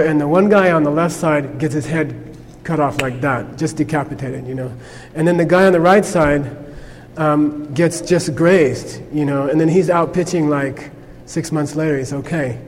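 A man's voice: a little high, darkish tone, slight background noise. Chatty man teaching a class, echoing room. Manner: conversational, peppered with "okay?" checks. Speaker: Buddhist teacher. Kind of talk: informal class lecture.

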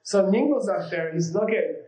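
A man's voice: high voice, lively intonation, normal speed, mellow. A man teaching a class in a casual, rambling way, with many fillers, telling anecdotes and laughing easily. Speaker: yoga and meditation teacher. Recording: roomy echo.

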